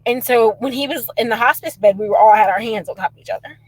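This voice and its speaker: Giggly high-voiced young woman. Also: fast, husky, no room sound, poor audio. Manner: soft, giggly. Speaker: client.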